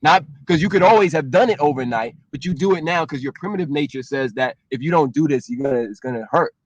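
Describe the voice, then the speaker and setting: Animated male co-host, a touch high, dry close sound, explains with energy. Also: fast, no room sound, highs cut off. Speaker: co-host, relationship talk. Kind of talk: casual live-stream chat.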